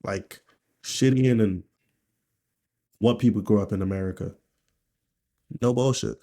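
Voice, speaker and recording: Low-voiced man in a candid video diary. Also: a little slow, warm tone. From Nigeria. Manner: candid, profane, rambling talk. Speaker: vlogger.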